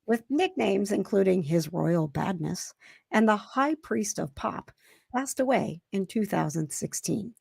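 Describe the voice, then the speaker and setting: Bubbly American woman with a gravelly edge. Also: mid-range voice, expressive, measured pace, a little mellow, no echo, studio quality. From United States. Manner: bubbly, laughs often. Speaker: host. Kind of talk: casual live show chat.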